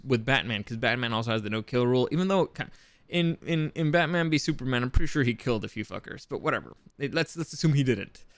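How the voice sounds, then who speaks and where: A man's voice: medium pitch, no room sound. A man hosting a podcast, giving casual commentary in a rambling way, with lots of restarts and the odd curse. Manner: rambling with frequent restarts and profanity. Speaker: podcast host.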